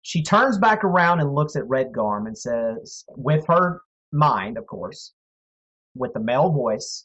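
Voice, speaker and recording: A man narrating as game master of a tabletop game, telling the story in a slow, measured way. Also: medium pitch, sing-song, a bit bright. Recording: dull lo-fi audio, faint music.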